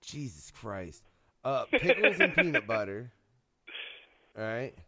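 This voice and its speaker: A man hosting a radio show, joking loudly and swearing constantly in casual chat. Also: medium pitch, sing-song, a little slow, crowd noise. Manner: loud, joking, swears a lot.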